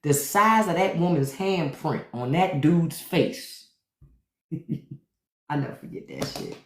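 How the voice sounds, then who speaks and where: A deep-voiced woman tells stories to her live-stream audience in a loose, profane monologue, jumping into other people's voices as she goes. Her pitch climbs and drops all over the place. The sound carries a roomy echo. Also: lively intonation, takes it slowly, a little hiss or hum. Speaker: podcast host on a live stream. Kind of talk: unfiltered comedic storytelling monologue.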